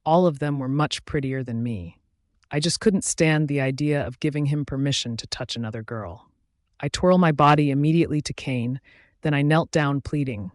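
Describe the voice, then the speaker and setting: A man reading a first-person fantasy romance as an audiobook, in a steady, expressive voice. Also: fairly high pitch, a little fast, dry recording, clean studio sound. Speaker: audiobook narrator.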